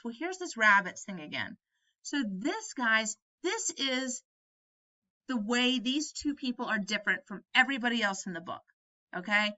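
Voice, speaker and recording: A woman's voice: on the high side, sing-song, moderate pace, pushed and bright, dull audio. A woman teacher explaining a novel to students in a conversational way, often checking whether they follow. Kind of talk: recorded lesson reviewing a novel.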